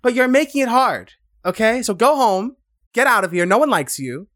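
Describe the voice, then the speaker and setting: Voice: mid-range voice, sing-song, moderate pace, fairly bright tone, no room sound, studio quality, pitched above the performer's own voice. A gamer putting on the voice of an exasperated hero who mockingly tells a villain to go home. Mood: scolding.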